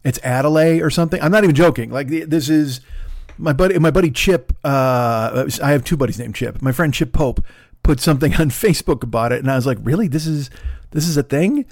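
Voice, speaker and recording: A man's voice: mid-range voice, fairly quick, dry recording, clean studio sound. Profane rambling man ranting on a podcast. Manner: profane, rambling, animated rants. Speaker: podcast host. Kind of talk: casual comedic monologue. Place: home apartment in Los Angeles.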